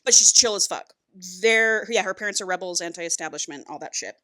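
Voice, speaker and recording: A woman's voice: on the low side, fairly quick, pushed and bright. A woman co-hosting a podcast, casually recapping a book and acting out its characters' lines, with frequent swearing. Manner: swearing, acts out characters' lines in a chatty retelling. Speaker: podcast co-host.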